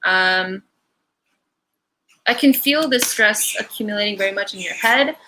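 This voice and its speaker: Young female livestream card reader, bright tone, casual and rambling, frequent fillers and asides. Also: medium pitch, a little slow, a little hiss or hum, low-quality recording. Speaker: angel card reader hosting a live Q&A. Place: her home, animals around.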